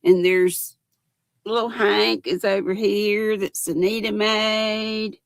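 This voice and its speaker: Chatty older woman, slow and gravelly. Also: mid-range voice, a bit bright, no room sound. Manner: chatty, greets viewers by name. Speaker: livestream host. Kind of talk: casual livestream chat.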